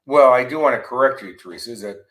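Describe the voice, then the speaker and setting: A man on a podcast as a guest coach and author, telling lively stories and acting out the exchanges he quotes. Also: medium pitch, fast talker, low-quality recording. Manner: animated storyteller, acts out quoted exchanges. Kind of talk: storytelling podcast interview. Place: abroad in Australia, remote interview.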